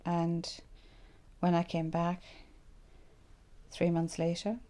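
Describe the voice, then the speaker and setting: A woman's voice: on the low side, slow. An Irish woman in her sixties, telling stories from her own life in an interview and acting out her past thoughts as she goes. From Ireland. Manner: animated storyteller who acts out her own past thoughts. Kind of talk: reflective personal storytelling.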